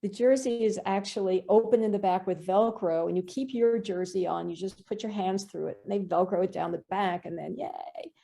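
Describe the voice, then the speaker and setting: Woman in her fifties, podcast guest, animated storyteller, fillers, unhurried. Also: mid-range voice, gravelly. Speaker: podcast guest, film director. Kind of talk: casual interview chat.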